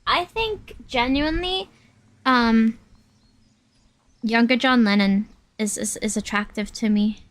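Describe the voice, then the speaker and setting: A woman's voice: a little high, takes it slowly, long pauses, fairly bright tone, dry recording. A woman streaming herself at work, chatting casually and rambling through asides. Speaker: VTuber streamer.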